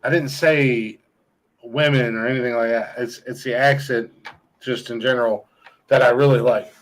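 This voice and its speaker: A man's voice: mid-range voice, steady tone, normal speed, poor audio. A man from Ohio hosting a podcast in casual, crude, rambling chat, laughing often. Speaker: podcast host.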